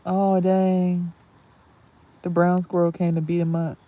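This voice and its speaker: A young woman rambling casually in a spiritual vlog outdoors, animated and swearing, exclaiming at things she sees. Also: on the low side, slow pace, dull audio. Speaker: spiritual vlogger and reader. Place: outdoors near trees.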